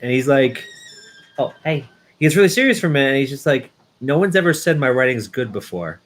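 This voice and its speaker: Young man, streamer, casual chat, middle pitch, rambling, lots of fillers. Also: very animated, quick pace, a little hiss or hum. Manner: rambling, warm-hearted storytelling with many fillers. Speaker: streamer, schoolteacher.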